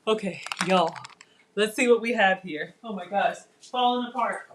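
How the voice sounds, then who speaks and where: A woman's voice: medium pitch, moderate pace, slight background noise. Woman, live cooking vlogger, chatty and casual, says y'all a lot. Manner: chatty, addresses viewers as y'all, savoring food.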